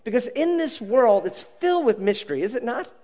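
Animated middle-aged preacher. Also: male voice, extremely high pitch, brisk, in a large hall. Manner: expressive storytelling, drops to a hush for emphasis. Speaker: pastor. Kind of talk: sermon.

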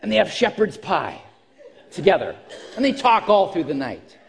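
A man's voice: high-pitched, very animated, normal speed, creaky, breathy edge. A man preaching a sermon in a church, telling a story with frequent restarts. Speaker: pastor.

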